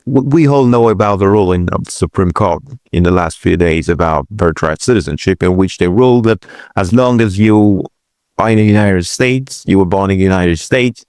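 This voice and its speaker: Hesitant low-voiced man reacting to clips. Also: normal speed, a little mellow, smooth, no room sound, clean studio sound. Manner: hesitant restarts, incredulous exclamations. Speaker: political commentary host. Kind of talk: reaction commentary.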